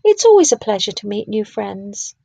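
Woman reading big bearded druid priest guy, friendly and welcoming, breathy voice. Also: mid-range voice, big pitch swings, normal speed, warm tone, dry recording, exaggerated voice. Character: large bearded male druid priest, jovial.

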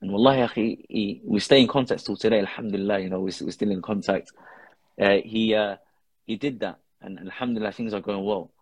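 Husky-voiced man telling an earnest story. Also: fairly low pitch, steady tone, fairly quick, no room sound. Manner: earnest storytelling, sprinkled with Arabic religious phrases. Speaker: guest, father who posts videos with his daughter. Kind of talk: casual podcast conversation.

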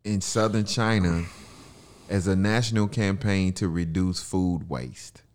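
A man's voice: low-pitched, measured pace, darkish tone. A man who is a comedian guest on a podcast, chatting casually and easygoing, laughing often and restarting his sentences.

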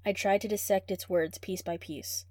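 A woman reads a first-person story aloud with steady, expressive pacing. Her voice sits at a middle pitch, and the recording is dry and close with no room sound. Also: moderate pace, no echo. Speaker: reader. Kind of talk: reading fan fiction aloud.

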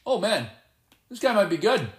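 A man giving live gameplay commentary, excitable and playfully boastful as he trash-talks. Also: high-pitched, moderate pace, roomy sound. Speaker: gamer.

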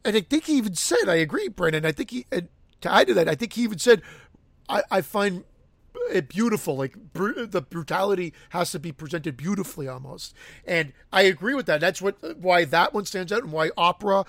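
A man co-hosting a casual podcast about films, animated and laughing as he acts out scenes. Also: high voice, a little fast, gravelly, dry recording. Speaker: podcast co-host. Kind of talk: casual film discussion.

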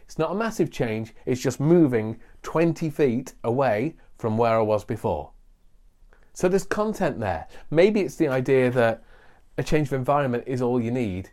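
Guy rambling to camera, jokey and self-mocking, mid-pitched voice. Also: lively intonation, moderate pace, a little mellow. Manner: chatty, self-deprecating, jokey asides. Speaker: content marketing coach. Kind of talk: casual talking-to-camera vlog. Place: small outbuilding away from the house.

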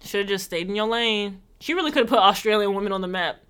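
Casting note: woman podcast co-host, bright tone, sassy and quick with jokes. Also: medium pitch, animated, smooth. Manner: sassy, joking, quick asides. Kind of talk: casual chat.

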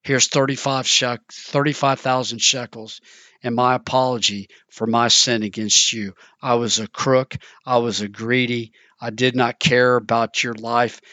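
A man's voice: mid-range voice, little pitch movement, a little slow, pushed and bright, no echo. A man voicing a repentant male tax collector who pleads earnestly for forgiveness. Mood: remorseful.

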